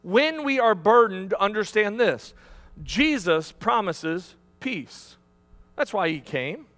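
A man's voice: sits high, very animated, slow pace, fairly bright tone. A man preaching a sermon to a congregation, emphatic, with repetitions and restarts. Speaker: pastor. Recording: long hall reverb.

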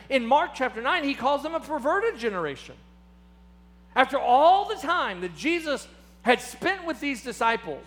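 Male preacher, high bright voice, animated delivery that voices the people he quotes. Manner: impassioned, acts out quoted speakers with rising pitch. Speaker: pastor. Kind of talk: sermon.

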